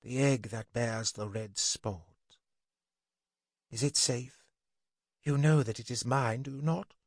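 A man voicing a regal female dragon queen in a storybook reading. He gives her a silvery, smoky whisper and a slow, measured delivery. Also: mid-range voice, no echo, clean studio sound. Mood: coaxing.

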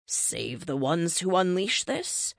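A woman's voice: on the low side, sing-song, slow pace, vocal fry, no room sound, clean studio sound, full character voice. A woman voicing a frustrated, ageless cosmic being. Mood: urgent. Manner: pressing, exasperated questions. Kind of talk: audiobook character reading.

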